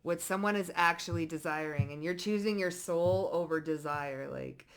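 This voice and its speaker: A woman giving a casual tarot reading to her viewers, blunt and profane, swinging between loud emphatic bursts and low muttered asides. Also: moderate pace. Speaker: psychic tarot reader.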